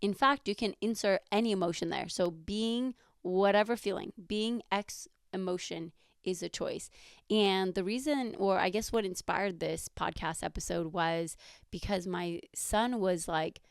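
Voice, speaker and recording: A woman's voice: medium pitch, smooth, no room sound. Chatty woman podcast host, dry sound. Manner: conversational, many fillers and rhetorical questions. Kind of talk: casual podcast monologue.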